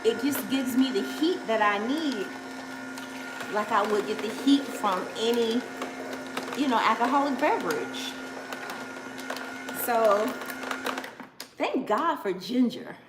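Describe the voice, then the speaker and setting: A woman's voice: fairly high pitch, lively intonation, slow pace, pauses often, noisy background. A woman in her forties talking casually to camera, effusive and chatty, often exclaiming with emotion. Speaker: vlogger. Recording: echoey room with faint ambience.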